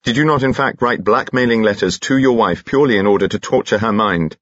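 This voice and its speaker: A man voicing a calm, formal police inspector who questions in a quiet, matter-of-fact way in an audiobook. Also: on the low side, a little fast, no echo, lo-fi sound, pitched above the performer's own voice.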